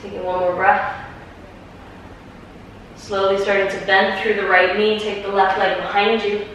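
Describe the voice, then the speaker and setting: A woman teaching a yoga class, calmly cueing each breath and pose step by step, a little out of breath. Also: mid-range voice, unhurried, very echoey, distant mic, a little hiss or hum, poor audio. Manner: calm, encouraging step-by-step cueing. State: slightly out of breath. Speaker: yoga instructor. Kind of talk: guided yoga class cues.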